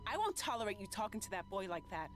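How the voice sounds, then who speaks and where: A woman's voice: mid-range voice, sing-song, very fast, faint music behind, natural voice. An actress voicing a stern, short-tempered female police officer in a video game, curt and commanding.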